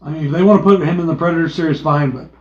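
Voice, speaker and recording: A man's voice: on the high side, rapid-fire. A man co-hosting a casual movie review, laid-back and jokey, swearing freely. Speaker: podcast co-host. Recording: echoey room, dull lo-fi sound.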